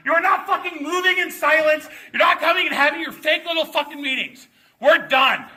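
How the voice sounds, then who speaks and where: Shouting woman, very high bright voice. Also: moderate pace, roomy sound, low-quality recording. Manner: shouting, profane, defiant. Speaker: protester. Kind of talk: shouted protest confrontation. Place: state legislature committee room, indoors.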